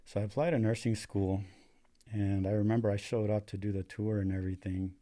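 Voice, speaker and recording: This is a young adult man from the United States, a paramedic guest recounting his story. His voice sits on the low side, steady and dark, and he talks fairly quickly, cursing freely and leaning on "dude" and "like" as fillers.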